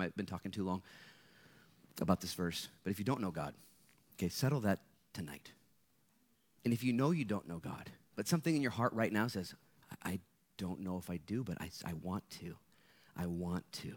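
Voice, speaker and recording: A man preaching a sermon as a pastor to students, acting out quotes and swinging between loud bursts and quiet intensity. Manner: animated, acts out quotes with big pitch jumps, drops to quiet intensity.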